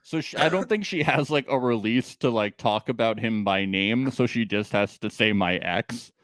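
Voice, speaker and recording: A man's voice: medium pitch, moderate pace, a bit bright, no echo. A man co-hosting a casual podcast recap, chatty and laughing, with many fillers. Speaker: podcast co-host.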